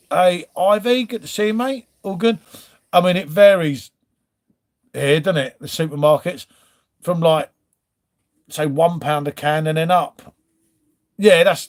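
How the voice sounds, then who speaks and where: A man from England hosting a casual live stream from home, rambling and chatting to viewers as he reads out their comments. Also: high-pitched. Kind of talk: casual chat.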